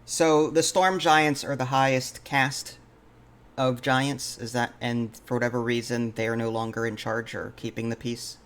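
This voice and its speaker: A man in a casual tabletop game session who talks in a polite, thoughtful way, stopping now and then with an "um". His voice sits in a middle pitch. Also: level tone, measured pace. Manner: polite and thoughtful, often hesitating with "um" and saying "I see". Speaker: player. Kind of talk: casual tabletop role-play chat.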